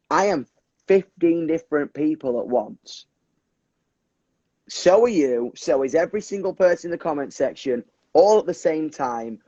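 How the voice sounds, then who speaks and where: A young man from England with a British accent, talking in an animated, swearing, run-on way in a casual livestream chat. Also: mid-range voice, breathy edge, dry recording, muffled recording. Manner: animated, swears a lot, many restarts and fillers. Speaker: musician guest. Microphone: phone on a video call.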